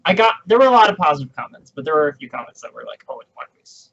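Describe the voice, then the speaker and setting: A man's voice: a little high, very animated, rapid-fire, creaky, fairly bright tone. A man co-hosting a podcast, dropping in brief, wry remarks. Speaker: podcast co-host. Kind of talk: casual chat. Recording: dull lo-fi sound.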